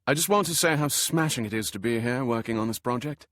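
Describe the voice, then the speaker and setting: A man's voice: medium pitch, fast, fairly bright tone, no echo, close to an everyday voice. A man doing a posh young English scholar. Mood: charming. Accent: English upper-class. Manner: polished, genteel and eager. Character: dashing young posh British male Egyptologist.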